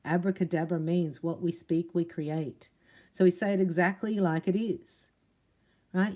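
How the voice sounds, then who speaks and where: A woman's voice: lowish voice, fairly even intonation, measured pace, warm tone. A woman giving a casual spiritual card reading, chatty and emphatic, acting out little dialogues. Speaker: psychic card reader.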